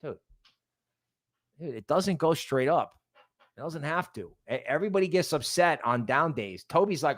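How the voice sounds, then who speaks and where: A man's voice: a little high, expressive, normal speed, pauses often, no room sound, clean studio sound. A man hosting a casual livestream, rambling and greeting chat members by name. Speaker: livestream host.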